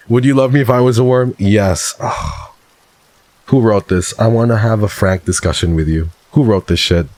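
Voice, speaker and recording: A man's voice: fairly low pitch, normal speed, a little mellow, dry recording. A man streaming live, reacting in casual, exasperated commentary full of swearing.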